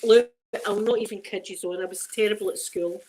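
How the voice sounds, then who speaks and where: A Scottish woman chats her way through an unboxing on her channel. She talks in a warm, emotional way, often restarting words as she stumbles over reading aloud. Her voice sits at an ordinary middle pitch. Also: steady tone, fairly quick. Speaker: ASMR channel host. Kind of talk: casual unboxing chat.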